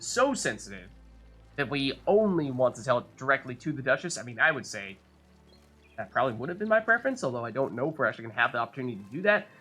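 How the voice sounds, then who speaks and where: A man's voice: on the high side, a bit bright. A man hosting a let's play, chatting casually and thinking aloud as he plays. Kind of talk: casual gameplay commentary.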